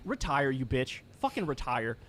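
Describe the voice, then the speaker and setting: A man's voice: medium pitch, big pitch swings, moderate pace, fairly bright tone, soft background music. A man from New York giving heated, profane, sarcastic political reaction commentary.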